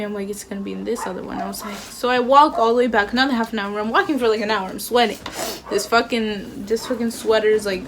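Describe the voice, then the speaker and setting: A young woman casually retelling a story, full of filler words and quoted dialogue. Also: mid-range voice. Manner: chatty, filler-heavy retelling with acted quotes. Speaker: vlogger.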